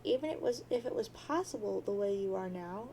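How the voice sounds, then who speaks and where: A woman voicing a patient, guilt-ridden teenage girl who hushes and soothes. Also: medium pitch, animated, fairly quick, a little hiss or hum, pitched below the performer's own voice, natural voice, poor audio. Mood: soothing. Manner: soothing, hushing.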